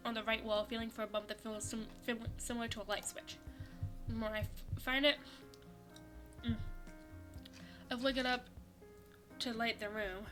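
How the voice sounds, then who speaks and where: Young woman, bright tone, slightly high voice, game narration, animated reactions, faint music behind. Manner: animated, laughing, shrieking reactions between readings. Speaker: streamer playing a visual novel. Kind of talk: reading a game script aloud with commentary.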